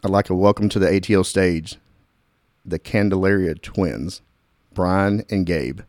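A male podcast host with a lowish voice, chatting loosely with guests and laughing easily. He restarts his sentences often. The sound is dry and close. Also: unhurried, darkish tone, no room sound. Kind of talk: casual podcast chat.

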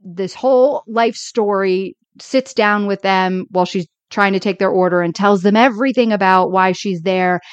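A woman's voice: mid-range voice, normal speed, few pauses, smooth, dry recording, dull audio. A woman co-hosting a podcast, chatting with enthusiasm about sitcoms and using many fillers. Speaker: podcast co-host. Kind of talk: casual chat about sitcoms.

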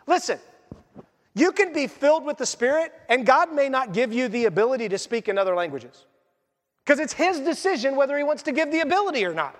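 A man with a very high voice preaching in a loose, chatty style. His words ring out with a long reverb through a large hall. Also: brisk. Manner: conversational, animated preaching with asides. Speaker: pastor. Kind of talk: sermon.

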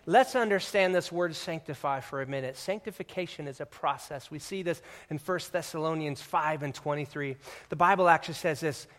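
A man preaches to his congregation in a fairly high voice. He talks casually and jokes with the crowd, then rises into loud, emphatic declarations before dropping back to quiet asides. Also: a little fast. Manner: conversational, joking with the congregation. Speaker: pastor. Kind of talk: sermon.

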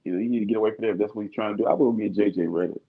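A man co-hosting a casual sports podcast, talking in an animated way and jumping in over the others. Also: fairly low pitch, very fast, vocal fry, phone-quality sound. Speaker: podcast co-host.

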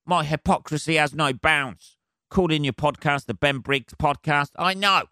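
A man's voice: fairly high pitch, moderate pace, sharp tone, no room sound, studio quality. A man hosting his own podcast, ranting alone in a sarcastic, rambling, heavily swearing way. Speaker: podcast host. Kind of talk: solo comedic rant.

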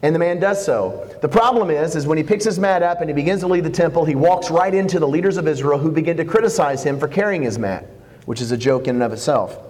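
A man preaching a sermon, animated and jokey, acting out quotes as he goes. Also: on the high side, fast, long reverb tail. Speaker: pastor.

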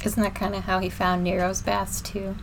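A woman's voice: mid-range voice, level tone, moderate pace, creaky, rough recording. Woman, podcast co-host, casual teasing banter, faint background noise. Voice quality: chatty, teasing, with "like" fillers.

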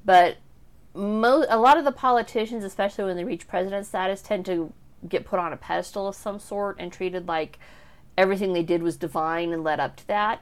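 A young woman casually talking through a book she has read, chatty and full of asides. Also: lowish voice. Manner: chatty, with frequent fillers and asides. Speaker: book reviewer. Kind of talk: casual book review talk.

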